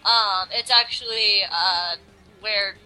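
A woman's voice: medium pitch, sharp tone, faint music behind, rough recording. A young woman chatting casually and eagerly as a podcast co-host, filling her talk with "like". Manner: fast enthusiastic fan talk, many "like"s. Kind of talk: casual chat.

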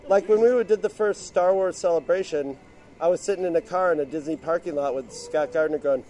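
A man's voice: a little high, a little fast, over a noisy crowd. A man as a podcast guest in casual chat, rambling and laughing often.

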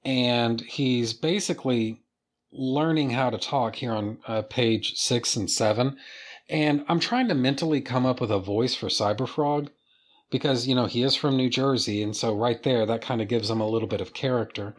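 A man's voice: mid-range voice, normal speed. A man reviewing comic books in a casual, enthusiastic video commentary, swearing freely as he talks.

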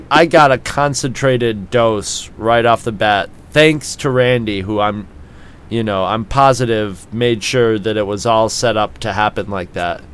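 A man's voice: medium pitch, a bit bright, smooth. A man casually telling a drunken story on a podcast, swearing often, laughing and acting out what people said.

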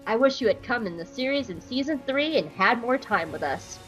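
A woman's voice: on the high side, lively intonation, a little fast, a bit bright, soft background music, low-quality recording. A woman casually recapping a cartoon episode for a podcast, joking around and slipping into silly voices for the characters. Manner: playful, jokey, acts out quotes in silly voices.

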